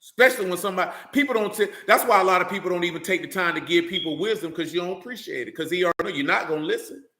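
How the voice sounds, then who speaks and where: Man, preacher, bright voice, emphatic rhetorical sermon, roomy echo. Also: high voice, racing, few pauses. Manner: preachy, repeats "man" and "you understand", rising to emphatic. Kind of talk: sermon with scripture reading.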